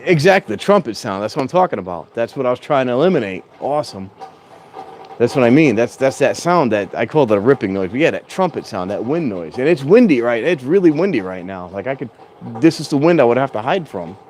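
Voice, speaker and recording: A man's voice: mid-range voice, very animated, a little fast, darkish tone, slight background noise. Chatty man vlogging outdoors. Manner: rambling, chatty, self-correcting, sometimes raises his voice. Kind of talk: casual rambling vlog chat. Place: outdoors at a train station in strong wind. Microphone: clip-on mic plugged into a handheld phone.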